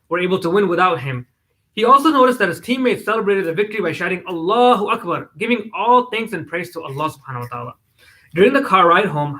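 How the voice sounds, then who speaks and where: Bright-voiced man reading a children's story. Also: sits high. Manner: animated, giggly at times.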